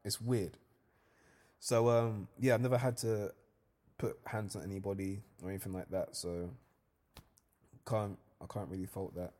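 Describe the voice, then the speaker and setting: A man's voice: lowish voice, moderate pace, pauses often. A young man hosting a solo podcast, talking in a casual, slangy way. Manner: casual slangy storytelling, lively when reliving events. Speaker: podcast host.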